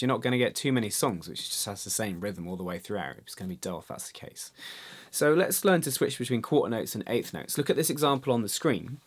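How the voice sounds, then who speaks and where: A man teaching guitar in an online lesson, explaining rhythm exercises in a chatty way and counting the beats aloud, with small restarts. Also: fairly low pitch. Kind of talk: relaxed online music lesson.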